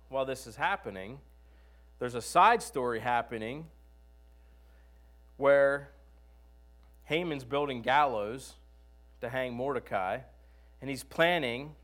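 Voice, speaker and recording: A man's voice: medium pitch, fairly bright tone. A man preaching a sermon who retells the story conversationally and often asks rhetorical questions.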